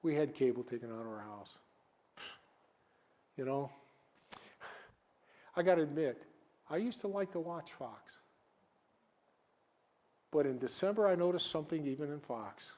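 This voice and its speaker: A man preaching a sermon as a guest pastor, reading scripture and then talking plainly to the congregation, rising at times to shouted cries. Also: fairly high pitch, animated. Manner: reads scripture slowly, then talks conversationally and rises to shouted cries. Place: church sanctuary.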